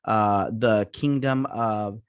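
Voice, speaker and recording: A man's voice: on the low side, fairly even intonation, slow, clean tone, no room sound, clean studio sound. A man hosting a casual spoken review, rambling and frustrated, with lots of restarts and fillers. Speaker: YouTube review host.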